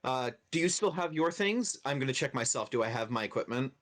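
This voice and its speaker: A man's voice: mid-range voice, animated, a little fast, a bit bright, lightly acted. A man voicing a wary, polite human rogue who speaks in a hesitant, worried way. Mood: uneasy.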